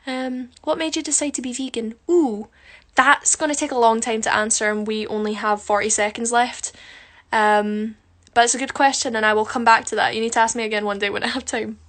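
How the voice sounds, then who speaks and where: Young woman chatting on a phone live at home, high voice, murmurs under her breath then perks right up. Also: fairly even intonation, brisk. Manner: chatty, switches between murmured asides and bright bursts, frequent ums. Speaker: musical theatre performer on a live stream. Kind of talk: casual livestream chat reading comments. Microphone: phone camera close up.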